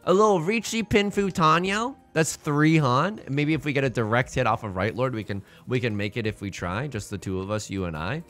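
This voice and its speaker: A man's voice: medium pitch, a little fast, few pauses, a bit bright, faint music behind. A young man streaming a game, rambling in a goofy, jokey way as he plays. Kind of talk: casual game commentary.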